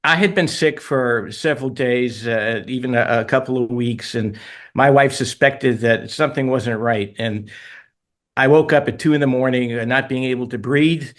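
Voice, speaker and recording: A man's voice: mid-range voice, normal speed. A middle-aged man, an author guest on a radio interview, telling stories animatedly and laughing at himself. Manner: animated, tells stories with self-deprecating laughs.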